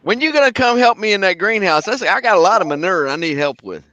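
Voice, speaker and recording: A man's voice: high-pitched, lively intonation, fast talker, pushed and bright, no echo, lo-fi sound. A man, joking around in a laid-back casual chat.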